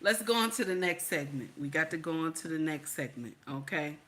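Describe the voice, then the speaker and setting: A woman hosting casual reaction commentary, animated and brash with preachy asides. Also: sits low, a little fast. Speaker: commentary host.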